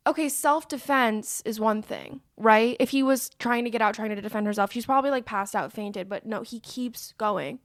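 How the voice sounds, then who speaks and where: Woman with a gravelly voice, animated recap. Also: fairly high pitch, moderate pace, hardly any pauses, no echo, clean studio sound. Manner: animated retelling, acts out characters' lines. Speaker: podcast co-host. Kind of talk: casual film recap chat.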